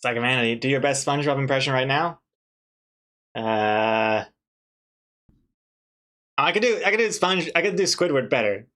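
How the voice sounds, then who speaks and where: A man streaming live as he works on a comic, talking casually with viewers and second-guessing his choices out loud. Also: mid-range voice, expressive, moderate pace, pauses often. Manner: thinks aloud, second-guesses himself, chatty with viewers. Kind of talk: casual live-stream commentary while drawing.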